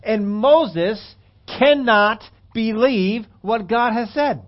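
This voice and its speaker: A man's voice: sits high, measured pace. A man preaching a sermon, reading scripture and telling stories with emphatic repetition. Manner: animated storytelling, emphatic repetition. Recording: dull lo-fi recording.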